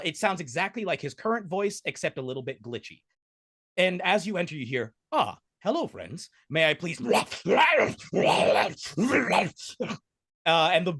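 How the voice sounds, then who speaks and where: Male gm rambling through the scene, pitch jumps all over, dry mic. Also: fairly bright tone, no room sound. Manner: rambling, full of fillers and restarts. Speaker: game master. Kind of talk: narrating a tabletop game.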